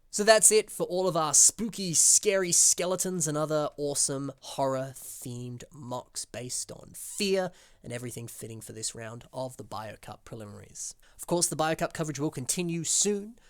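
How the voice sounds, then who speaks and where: A man's voice: medium pitch, gravelly, no room sound. Chatty Australian man, dry close sound. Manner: enthusiastic, chatty, full of fillers. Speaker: host reviewing fan-built models. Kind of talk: casual commentary.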